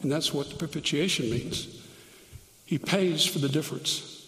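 A man teaching through Bible verses, reading scripture slowly and adding grammar notes aloud as he goes. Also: a little high, a bit bright. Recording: echoey hall, long reverb.

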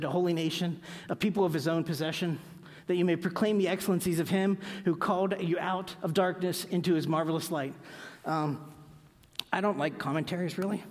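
Animated pastor preaching in a reverberant hall. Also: male voice, a little high. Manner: animated storytelling, acts out anecdotes. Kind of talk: sermon.

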